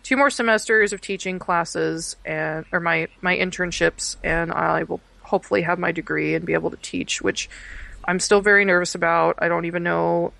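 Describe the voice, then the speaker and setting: A woman's voice: fairly low pitch, fairly even intonation, normal speed, creaky, a bit bright, dry recording. A young woman, chatting casually and rambling through many fillers and restarts. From Texas. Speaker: podcast guest, art education student. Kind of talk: casual chat.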